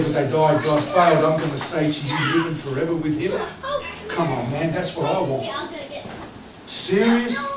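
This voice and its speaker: A man preaching a sermon as pastor, conversational and joking, swinging between loud preaching and low asides. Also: noisy background. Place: church hall. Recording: echoey church hall, distant mic, congregation audible. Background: congregation.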